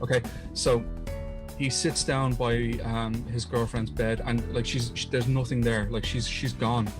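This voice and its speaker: A man's voice: mid-range voice, little pitch movement, unhurried, music in the background. A man co-hosting a podcast, earnestly retelling a story in casual chat, often restarting his sentences. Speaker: podcast co-host.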